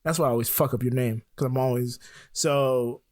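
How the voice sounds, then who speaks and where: A man's voice: mid-range voice, steady tone, a little fast, a little mellow, no echo, studio quality. A man from Florida, a podcast guest, telling a story in a laid-back way, laughing often and acting out the dialogue. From Florida, USA. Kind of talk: casual storytelling.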